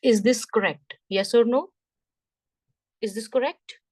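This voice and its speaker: Slow, patient woman teaching a class. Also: fairly high pitch, a little mellow, no room sound. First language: Punjabi. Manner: slow, repetitive, checks understanding with "right?". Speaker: French teacher. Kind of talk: classroom lesson explanation.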